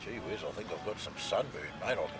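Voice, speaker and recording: A man's voice: lowish voice, animated, fast talker, very noisy. A man with a New Zealand accent chatting casually outdoors at a campsite for a vlog, dropping "mate" and "eh" as he shows off his gear. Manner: chatty, peppers talk with "mate" and "eh". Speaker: vlog co-host.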